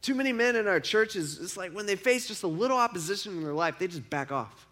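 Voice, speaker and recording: A man's voice: high voice, animated, fast, a bit bright. A male pastor preaching to men in a conversational, emphatic way, with frequent repetition and asides. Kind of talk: sermon.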